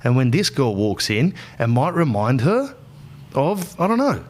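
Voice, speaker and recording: A man's voice: medium pitch, measured pace, a little hiss or hum. An Australian man hosting a podcast, rambling through a slangy comic monologue and slipping into other people's voices. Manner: animated, slips into characters' voices. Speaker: podcast host. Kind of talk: comedic storytelling monologue.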